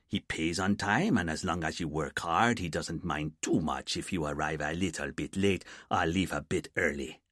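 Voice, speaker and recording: Audiobook figure: a laid-back male island police officer, unhurried and casual, voiced by a male narrator. Low and husky, with a dry close sound. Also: fairly bright tone, no echo.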